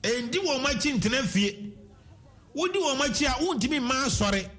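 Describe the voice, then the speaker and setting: A man's voice: very high-pitched, expressive, normal speed, a bit bright. A man with a Ghanaian accent preaching a sermon, switching between English and Twi, repeating his words and sometimes singing his phrases.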